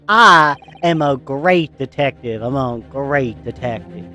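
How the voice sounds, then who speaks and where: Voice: mid-range voice, lively intonation, slow, pushed and bright, faint music behind. A game player voicing a pompous male detective in a game, with a grand, theatrical delivery. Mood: boastful.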